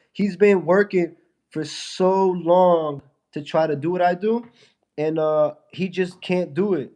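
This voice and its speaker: A man's voice: high-pitched, darkish tone. Mocking young man livestreaming with fever. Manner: mocking, trash-talking, laughing at a chat viewer. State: stuffy nose with a fever. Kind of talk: casual livestream taunting.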